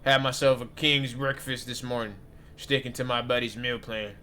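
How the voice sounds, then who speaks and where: A man plays a boisterous, half-drunk visitor who banters loudly and brashly. He sounds pushy and jokey, a character in a horror game. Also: mid-range voice, fairly even intonation, normal speed, a little hiss or hum, close to an everyday voice. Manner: loud brash joking banter.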